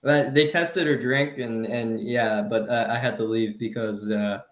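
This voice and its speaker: A man co-hosting a comedy podcast, telling heated, animated stories in casual chat. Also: medium pitch, unhurried, roomy sound. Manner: heated, animated storytelling with laughs. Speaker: podcast co-host.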